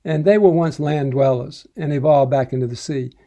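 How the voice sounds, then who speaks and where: Older male spiritual teacher, slightly high and mellow, telling personal stories gently. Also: lo-fi sound. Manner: gentle, unhurried storytelling with soft chuckles. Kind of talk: recounting personal devotional stories.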